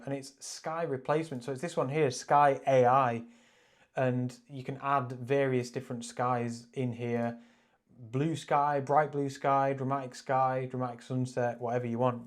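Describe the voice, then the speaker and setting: A man talking through a photo-editing tutorial over a screen recording, chatty and easily excited, with frequent ums. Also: medium pitch. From Wales. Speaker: photography YouTuber.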